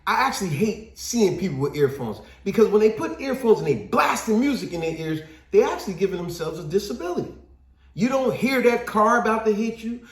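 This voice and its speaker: A man with a fairly high, lively voice, talking in a casual discussion. He tells stories with energy and acts out the people he quotes. The sound is echoey, as if recorded in a bare room. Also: fairly quick. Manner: animated storytelling, acts out quotes. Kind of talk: casual talk-show discussion.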